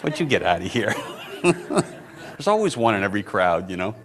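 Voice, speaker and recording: A man's voice: big pitch swings, moderate pace, crowd noise. Impassioned male pastor preaching a sermon. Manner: impassioned, rising to high emphatic peaks then dropping low and soft; conversational asides to the congregation.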